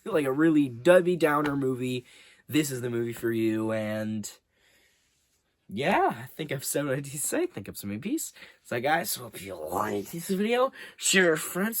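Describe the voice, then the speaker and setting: Rambling, animated man with lively pitch. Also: no room sound. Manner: rambling and animated, with casual swearing. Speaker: movie review channel host. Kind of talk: casual spoken movie review.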